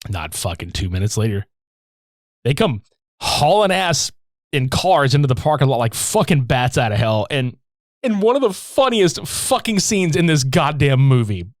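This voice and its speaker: Recorded dry and at studio quality, this young podcast co-host chats casually about a movie, recounting its plot with plenty of profanity and laughter. He performs scenes in character voices, his mid-range voice moving at a moderate pace with obvious excitement.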